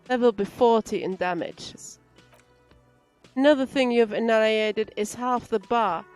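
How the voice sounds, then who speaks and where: A woman's voice: fairly high pitch, unhurried, a little mellow, faint music behind, natural voice. A woman voicing a defensive, irritable male cafeteria manager, reading game dialogue aloud in an exasperated, lecturing way.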